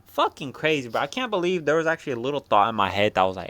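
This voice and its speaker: A man's voice: medium pitch, sing-song, rapid-fire, a bit bright, no room sound. Young man ranting through a fight recap. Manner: rambling, slangy, heavy swearing. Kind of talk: casual profane fight recap.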